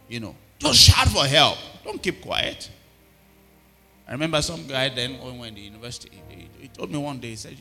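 A man's voice: mid-range voice, lively intonation, fairly quick, bright, forceful tone, long reverb tail, soft background music. A middle-aged male pastor preaching a sermon and often asking the congregation if they are hearing him. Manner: preaching with repeated call-outs to the congregation.

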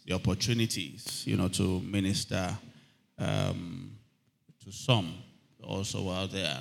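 Bright-voiced male preacher. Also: low voice, vocal fry. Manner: calls for amens from the congregation; reads scripture aloud with rising emphasis. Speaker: pastor. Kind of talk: sermon.

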